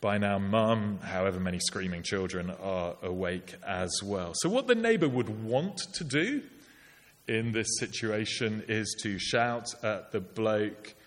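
Middle-aged male preacher, lowish voice, chatty and wry, recorded in a hall with a long echo. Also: lively intonation, measured pace. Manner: conversational, wry asides with put-on polite voices. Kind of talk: sermon.

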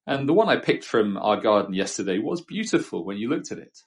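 A man preaching a sermon from his desk at home, reflective and measured, with homely asides. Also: fairly low pitch, big pitch swings.

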